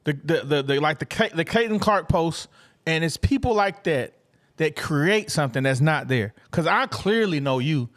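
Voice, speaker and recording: A man from Atlanta co-hosts a casual sports talk show, speaking with a high-pitched voice. He talks in an animated way and repeats words as he restarts his sentences. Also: moderate pace. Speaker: podcast co-host.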